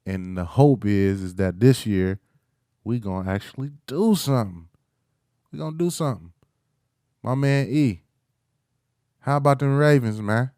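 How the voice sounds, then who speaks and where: A man's voice: medium pitch, a little slow, long pauses, darkish tone, clear, resonant tone, no room sound, studio quality. A young man hosting a casual solo sports talk, hyped and playful, trash-talking rivals and breaking into chants. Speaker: podcast host.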